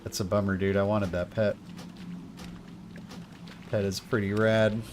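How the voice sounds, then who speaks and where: A man's voice: lowish voice, flat delivery, unhurried, a little mellow, a little hiss or hum. A young man streaming a game, chatting casually in a laid-back, rambling way full of slang. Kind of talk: casual gameplay chat.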